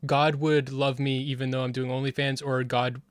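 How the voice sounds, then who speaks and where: A man's voice: medium pitch, flat delivery, moderate pace, clean tone, dry recording. A man commenting casually on a debate clip, heated and rambling with frequent restarts. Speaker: streamer reviewing a debate.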